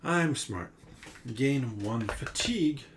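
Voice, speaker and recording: A man's voice: medium pitch, animated, slow pace, background noise. A man hosting a solo board game playthrough, musing aloud over rules and reading story text, with self-mocking asides. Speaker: board game player and host.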